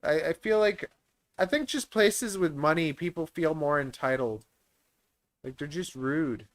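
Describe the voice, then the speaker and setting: Chatty man with a smooth voice. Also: a little high, a little slow. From Canada. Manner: chatty, rambling, laughs easily. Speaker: reptile breeder and stream host. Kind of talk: live Q&A stream chat.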